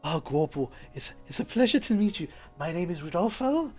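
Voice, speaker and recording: A man voicing a fussy, excitable old archivist who stammers and turns shrill when alarmed. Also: brisk, soft background music. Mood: flustered. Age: older.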